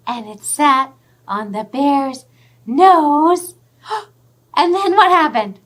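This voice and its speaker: High-voiced, slow-paced storytime librarian. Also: female voice. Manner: animated and expressive, dropping to whispers for hints. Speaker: children's librarian hosting storytime. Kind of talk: children's storytime with puppets.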